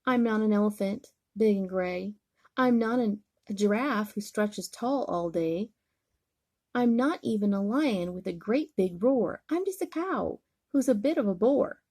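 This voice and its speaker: A lonely storybook cow speaks with a plaintive, wistful lilt. A grandmother puts her on in a slow, warm, breathy voice. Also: mid-range voice, animated. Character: sad lonely gentle female cow.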